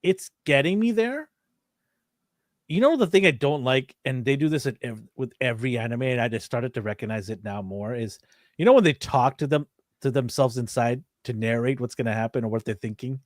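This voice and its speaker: A man co-hosting a casual chat show, telling lively stories and acting out what people said, laughing often. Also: medium pitch, brisk, no echo, studio quality. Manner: animated storyteller, acts out quotes, laughs often. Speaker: co-host of a toy and anime show.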